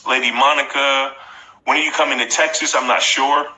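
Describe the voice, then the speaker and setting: A man's voice: medium pitch, steady tone, fairly quick, sharp tone. A man in his forties giving a motivational live-stream talk, repeating phrases emphatically and coaching his viewers directly. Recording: echoey room.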